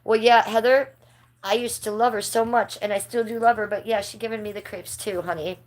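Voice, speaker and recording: A woman's voice: a little high, fairly even intonation, fairly quick. A middle-aged woman hosting a casual livestream, chatting and gossiping with her viewers and laughing often. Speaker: livestream host.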